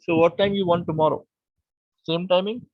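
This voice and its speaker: Over a meeting call, an online course instructor with a high voice teaches a live lecture, explaining patiently and conversationally at normal speed with fairly even intonation. The call audio is muffled, with no room sound.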